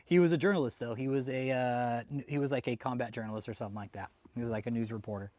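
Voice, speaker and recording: A man hosting a livestream who rants heatedly, swears often and bursts out loudly as he talks to his chat. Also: mid-range voice, fairly even intonation, fast. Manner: heated and swearing, with loud outbursts. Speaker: livestream host reading chat. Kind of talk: profane ranting live commentary.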